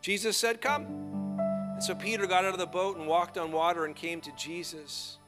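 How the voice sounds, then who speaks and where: A man preaching a sermon, drawing the congregation into call-and-response and moving between hushed, slow passages and loud, rising ones. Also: on the high side, steady tone, over loud music. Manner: playful asides to the audience. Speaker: pastor.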